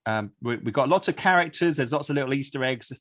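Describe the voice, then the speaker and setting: A man co-hosting a casual review chat, agreeable and measured as he gives his views. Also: medium pitch, expressive, a bit bright. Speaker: podcast co-host.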